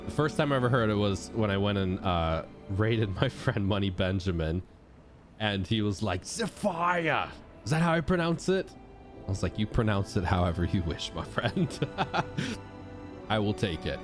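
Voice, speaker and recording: A young man chatting casually as he streams a game, thanking subscribers and reacting out loud. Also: lowish voice, moderate pace. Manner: animated, chatty, shouts out subscribers. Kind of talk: casual gameplay commentary. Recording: game music playing behind.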